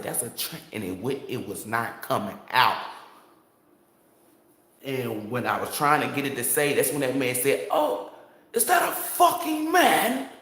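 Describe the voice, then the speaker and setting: A man who reads tarot, telling a story to his viewers in a casual, excitable and profane way, full of restarts. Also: mid-range voice, reverberant. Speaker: tarot reader.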